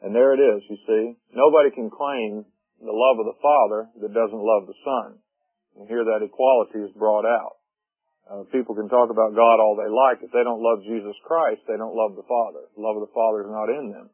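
A man preaching a sermon, reading scripture slowly and then explaining it with small fillers. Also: on the low side, fairly even intonation, faint music behind. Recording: tinny phone-like radio broadcast.

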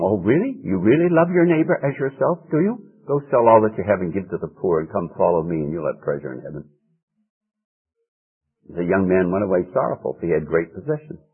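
A male preacher delivers an earnest, emphatic sermon, his low voice swinging widely in pitch. His tone is a little husky. It comes through a tinny, narrow-band old radio recording.

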